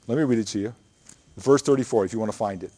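A man's voice: lowish voice, fast talker, warm tone, slightly rough. A man preaching a sermon, earnest and emphatic, building points through repeated phrases and reading scripture aloud. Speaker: pastor.

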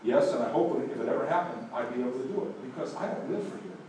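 Male pastor, storytelling sermon, warm low tone, recorded from a distance in a reverberant church. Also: animated, fast talker, slight background noise. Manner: storytelling, swings from hushed to emphatic. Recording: echoey room, voice from a distance.

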